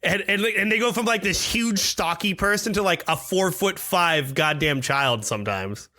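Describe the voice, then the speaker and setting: A man's voice: high-pitched, normal speed, pushed and bright, no echo. A man co-hosting a podcast, trading crude, joking banter in casual chat. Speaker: podcast co-host.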